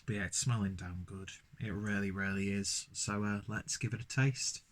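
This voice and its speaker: A man's voice: on the low side, steady tone, moderate pace. A man casually reviewing a beer, rambling with lots of fillers and restarts.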